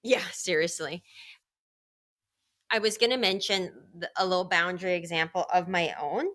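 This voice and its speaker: A woman with a lowish, bright and forceful voice chats candidly as a podcast co-host. She rambles a bit and laughs often. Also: normal speed. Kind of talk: casual chat.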